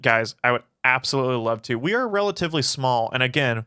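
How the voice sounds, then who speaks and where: A man's voice: mid-range voice, quick pace, hardly any pauses, pushed and bright, clear, resonant tone, no echo, clean studio sound. A man casually answering chat questions on a livestream, swearing often and rambling through his answers. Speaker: philosophy channel streamer.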